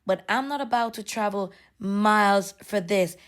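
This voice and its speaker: A young woman casually telling a story, animated and slipping into patois. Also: medium pitch, a little slow. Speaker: vlogger.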